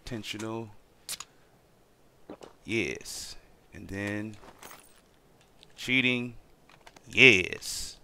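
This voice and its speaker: A man's voice: on the low side, drawn-out words, gravelly, long pauses, sharp tone, slight background noise. A young man ranting profanely over his gameplay as a gaming streamer. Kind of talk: casual gameplay commentary.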